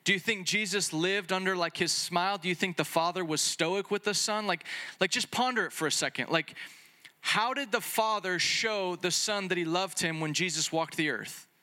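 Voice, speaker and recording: A man preaching with a bright, forceful tone and a slightly high voice. He talks in a loose, conversational way, full of "like" and quick restarts, and slips into playful little dialogues to make his point. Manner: excitable, conversational preaching with many fillers and restarts; acts out little dialogues between Jesus and the Father. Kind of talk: sermon.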